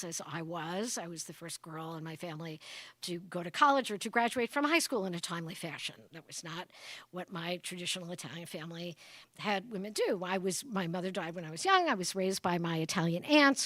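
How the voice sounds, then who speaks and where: A woman's voice: medium pitch, a bit bright, no echo. A woman giving a humorous public address as a guest speaker, telling comic stories and often checking in with the audience. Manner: jumps into exaggerated voices for quotes. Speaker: guest speaker at an exhibit opening.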